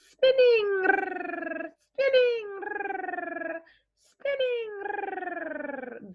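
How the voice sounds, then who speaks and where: A woman teaching a vocabulary lesson to young children, talking slowly with a bright, rising and falling lilt. She encourages her class warmly and keeps things playful. The recording sounds dull and lo-fi. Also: on the high side. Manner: encouraging, models words in playful voices. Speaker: elementary school teacher.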